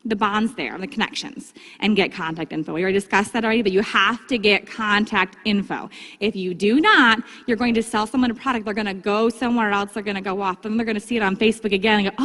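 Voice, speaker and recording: A woman giving a casual, upbeat training talk to her sales team, breaking into livelier, higher tones when she acts out chats with customers. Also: fairly bright tone. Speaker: direct sales consultant giving vendor training. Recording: long hall reverb.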